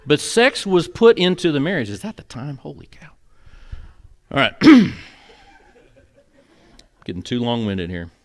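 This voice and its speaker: A man's voice: mid-range voice, huge pitch swings, a little slow, long pauses. A male pastor preaching an earnest, conversational sermon in a church, with moments of emotion. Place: church sanctuary.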